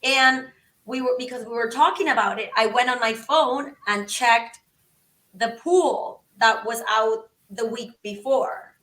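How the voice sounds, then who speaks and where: A woman's voice: fairly high pitch, a little slow, a bit bright. A woman from Venezuela, a podcast guest telling a story animatedly and acting out both sides of conversations. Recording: roomy, from a distance.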